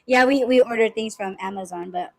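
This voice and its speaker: A woman's voice: on the high side, moderate pace, vocal fry, darkish tone. A young woman hosting a podcast, telling a profane story with lots of laughing. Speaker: podcast host. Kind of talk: casual chat.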